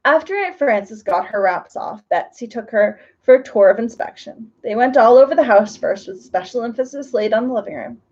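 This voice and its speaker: A woman reading a children's story aloud, gently and slowly with expressive phrasing. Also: fairly high pitch, lo-fi sound.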